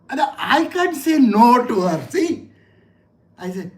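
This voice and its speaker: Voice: medium pitch, expressive, unhurried. Middle-aged scripture teacher. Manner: conversational, asks listeners rhetorical questions and tells personal anecdotes. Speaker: spiritual teacher. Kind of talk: scripture lecture.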